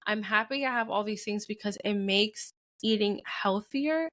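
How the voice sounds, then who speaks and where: A woman's voice: mid-range voice, moderate pace, a bit bright. A young adult woman, a podcast co-host and mother, talking candidly and from the heart in casual chat, with many "like" fillers. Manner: candid, heartfelt, heavy use of "like".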